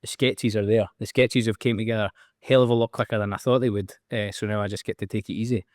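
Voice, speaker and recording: A man's voice: lowish voice, fairly even intonation, fast talker, no room sound, studio quality. Frank Scottish man, band songwriter. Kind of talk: casual interview.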